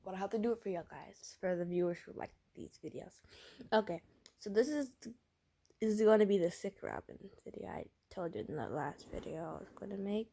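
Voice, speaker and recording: A woman's voice: medium pitch, fairly quick, warm tone. A tired woman narrating a role-play story in a casual, rambling, giggly way. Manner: giggly, rambling, self-conscious.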